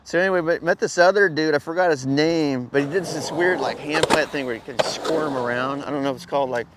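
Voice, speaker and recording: A man's voice: fairly high pitch, a little fast, noisy background. Laid-back, profane man telling a story. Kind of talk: casual spoken anecdote.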